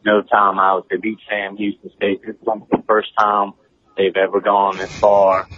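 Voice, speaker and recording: A male caller from New Orleans, heard over a tinny, narrow phone line. His voice is low and he talks in an excited, casual way. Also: unhurried, dry recording.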